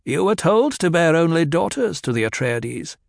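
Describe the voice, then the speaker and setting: A man's voice: on the high side, sing-song, moderate pace, gravelly, dry recording, clean studio sound, voice pushed up. A man voicing a stern, snappish old woman who sneers and lectures with cruel mimicry, in an audiobook reading.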